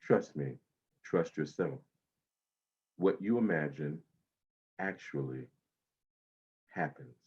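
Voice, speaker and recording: A man leading a guided breathing meditation, speaking slowly and soothingly with long pauses. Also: very deep voice, lively intonation, a little mellow, breathy edge, dull audio.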